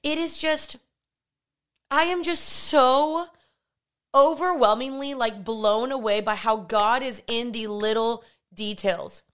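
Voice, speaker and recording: A woman's voice: on the high side, slow, a bit bright, clear, resonant tone. A young woman hosting a faith podcast, speaking in a passionate, emphatic, repetitive way. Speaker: podcast host. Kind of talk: faith-based podcast monologue.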